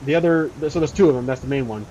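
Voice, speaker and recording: A man's voice: mid-range voice, quick pace, dark tone, dull audio, a little hiss or hum. Casual man narrating a solo roleplay game. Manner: rambling, casual, many fillers. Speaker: solo tabletop role-player.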